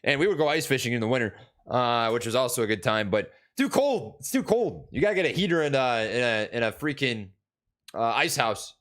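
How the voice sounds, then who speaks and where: A man's voice: mid-range voice, a little fast, fairly bright tone. A young man from Minnesota, casually chatting on a live stream about stocks, rambling with many fillers and restarts while answering chat.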